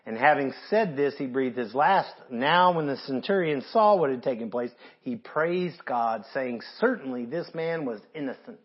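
A man's voice: mid-range voice, expressive, normal speed, hardly any pauses, lo-fi sound. A man preaching a sermon in an earnest, emphatic way, reading scripture aloud. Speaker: pastor.

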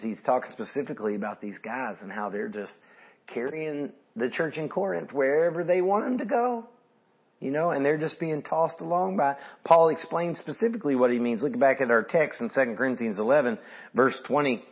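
A man's voice: mid-range voice, normal speed, slightly rough, lo-fi sound. A middle-aged man giving a sermon, chatting through examples and reading scripture aloud. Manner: conversational teaching with scripture readings. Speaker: pastor.

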